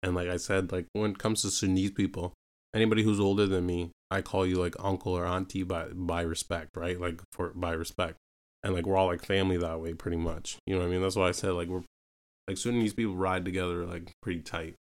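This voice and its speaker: A man's voice: low-pitched, little pitch movement, fast. A young man from Canada telling a personal story in a casual, rambling way, full of fillers and repeated asides. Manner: rambling, full of fillers like "you know what I mean" and "right". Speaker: podcast host telling his own story.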